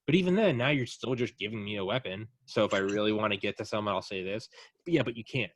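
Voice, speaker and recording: A man hosting a casual podcast, blunt and profane, arguing his point with animated swings in emphasis. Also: fairly low pitch, fast, no room sound. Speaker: podcast host.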